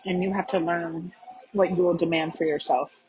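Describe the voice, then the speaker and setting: A woman hosting a podcast, telling a confessional story in a halting way, with frequent fillers and restarts, while chewing a peppermint. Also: on the low side, fairly even intonation, a little mellow, rough recording. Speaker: podcast host. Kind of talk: confessional monologue.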